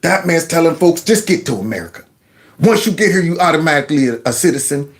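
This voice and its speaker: A man's voice: on the high side, lively intonation, fast talker. A man giving casual, mocking commentary on a video clip. He talks sarcastically and addresses his viewers as y'all.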